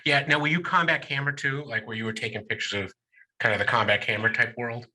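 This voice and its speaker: A man's voice: medium pitch, steady tone, fast, bright, forceful tone. A man hosting a casual radio interview show, upbeat and chatty with many filler uhs. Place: studio in New York state.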